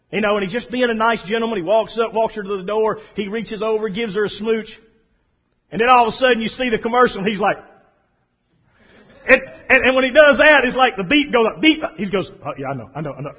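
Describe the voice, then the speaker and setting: A man preaching a sermon in a folksy, storytelling way, swinging from soft asides to loud emphasis. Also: high voice, fairly quick, husky. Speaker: pastor. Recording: dull lo-fi sound.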